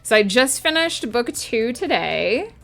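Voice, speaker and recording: A woman with a slightly high, creaky, fairly bright voice talks a little slowly with big swings in pitch, and faint music plays behind her. She's a writer livestreaming her planning and writing work, chatting casually with viewers, reading their messages aloud and answering them.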